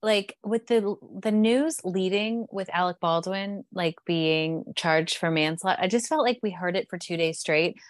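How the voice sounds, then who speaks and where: A woman's voice: on the low side, measured pace, hardly any pauses, no room sound. A woman co-hosting a casual pop culture podcast, speaking frankly and opinionatedly, swearing now and then and laughing easily. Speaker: podcast co-host. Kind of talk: casual chat.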